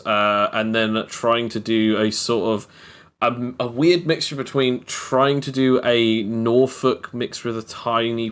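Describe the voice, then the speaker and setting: A man's voice: lowish voice, fairly bright tone, clear, resonant tone. A man hosting a podcast as game master, chatting casually in long, rambling explanations. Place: live-streamed podcast.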